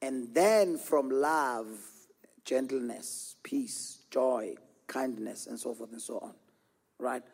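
A man's voice: medium pitch, slow, vocal fry, darkish tone. A man preaching a sermon as pastor, often asking the congregation whether they are with him and building in intensity as he goes. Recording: echoey hall with long reverb.

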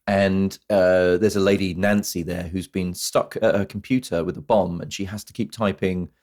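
A man's voice: deep voice, moderate pace. A man co-hosting a podcast, chatting casually about films and acting out scenes as he retells them. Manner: animated storytelling, acts out scenes in mock voices. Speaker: podcast co-host. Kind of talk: casual film-review chat.

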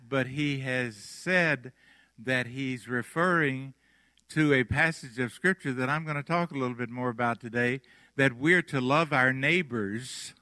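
A man with a Southern accent preaches a sermon at an unhurried pace, leaning on words and letting phrases fall away softly. His voice has a bright, forward edge, and the recording is dry with no room echo. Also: mid-range voice. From Mississippi. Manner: slow, emphatic preaching with soft trailing phrases and dramatic pauses. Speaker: pastor.

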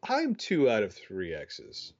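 Rambling laid-back guy, low voice. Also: huge pitch swings, slow pace. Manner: rambling, filler-heavy, self-mocking storyteller. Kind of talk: casual chat. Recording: dull lo-fi audio.

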